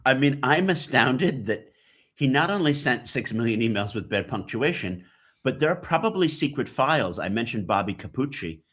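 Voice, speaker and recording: A man's voice: medium pitch, lively intonation, normal speed, fairly bright tone. A man who hosts a podcast, giving emphatic interview commentary full of rhetorical questions. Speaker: podcast host as guest.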